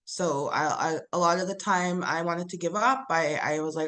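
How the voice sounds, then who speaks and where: A woman, a college student, giving an earnest, halting personal testimony over a video call. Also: lowish voice, fairly bright tone. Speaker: college student sharing her story.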